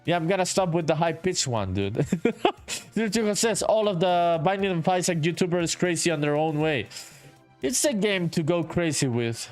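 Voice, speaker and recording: A man chatting on a relaxed live stream while he builds his indie game, his voice sitting a bit high for a man. He reads viewer comments aloud, calls everyone dude and swears freely. Soft music plays faintly behind him. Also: moderate pace. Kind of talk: casual live-stream chat while working.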